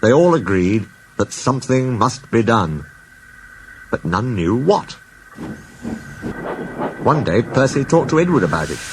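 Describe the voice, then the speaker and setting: A man narrating a storybook tale in a steady, expressive reading. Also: medium pitch, unhurried, long pauses, a little hiss or hum. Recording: music underneath.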